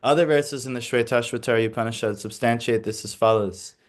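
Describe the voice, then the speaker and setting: A man reads scripture aloud to a small class in a measured voice. He drifts into relaxed asides full of fillers. He sounds hesitant over Sanskrit recitation. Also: mid-range voice. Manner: reads steadily, then slips into casual asides with fillers. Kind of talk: reading scripture aloud and explaining it.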